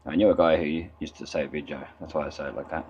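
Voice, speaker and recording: A very deep, husky, slightly mellow voice belongs to an Australian man narrating a waterfront walking vlog; he talks fast with fairly even intonation, rambling chattily and muttering asides. His handheld camera yields dull lo-fi sound with faint outdoor noise.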